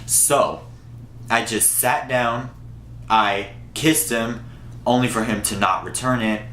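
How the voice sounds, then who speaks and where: A man's voice: slow, pushed and bright. Young guy ranting a storytime, sassy and blunt, swears a lot, voice jumps around, roomy echo with faint hiss. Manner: blunt, sassy and profane, with big swings in pitch. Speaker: vlogger. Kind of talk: storytime vlog.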